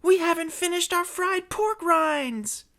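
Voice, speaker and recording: A man's voice: very high-pitched, slow, bright, forceful tone, voice pushed up, exaggerated voice. A man voicing a pompous, handsome male pigeon, indignant and drawling.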